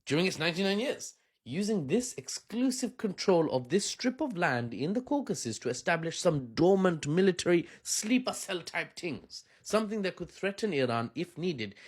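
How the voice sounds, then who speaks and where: Joking male commentary host with lively pitch. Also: moderate pace. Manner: joking, chatty, laughs often, self-deprecating asides. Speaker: video host. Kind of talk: casual commentary.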